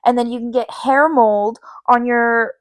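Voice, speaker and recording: A woman's voice: a little high, steady tone, unhurried. A young woman co-hosting a casual podcast, teasing and bantering playfully. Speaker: podcast co-host. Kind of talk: casual chat.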